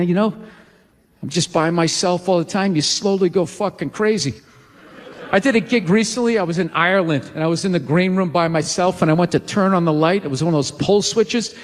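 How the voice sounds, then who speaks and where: A man's voice: high-pitched, fairly bright tone. Ranting man on a live stage. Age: 40s. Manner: ranting, profane, incredulous. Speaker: stand-up comedian. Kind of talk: stand-up comedy. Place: large theater stage. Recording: live theater with crowd and long reverb. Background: audience laughter.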